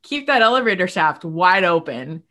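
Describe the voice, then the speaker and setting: A woman talking as a guest on a podcast, animated and emotional, acting out quoted voices as she speaks. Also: lowish voice, moderate pace. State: moved to tears at times. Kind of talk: casual podcast conversation.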